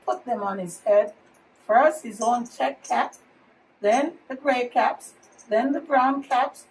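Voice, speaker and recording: A woman preschool teacher reading a picture book aloud to children in slow, expressive storytelling. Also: on the high side. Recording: distant mic, faint room noise.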